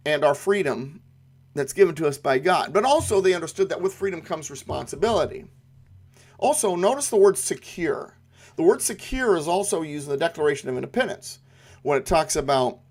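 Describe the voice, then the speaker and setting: A middle-aged man from the United States talks through a civics lesson in an earnest, explanatory way. His voice sits a little higher than most men's, and he leans on key words by repeating them, with the odd "uh" between thoughts. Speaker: constitution teacher.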